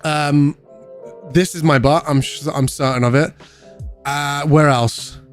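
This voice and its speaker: Brief: British male streamer, casual and joking, reading chat aloud in a fairly high voice. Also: fairly even intonation, takes it slowly, soft background music.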